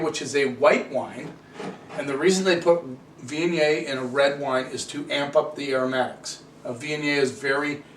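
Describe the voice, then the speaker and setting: Opinionated man reviewing wine, echoey room. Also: on the high side. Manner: opinionated, chatty, rants with rhetorical questions. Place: home room with cameraman. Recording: echoey room, distant camera mic, faint hiss.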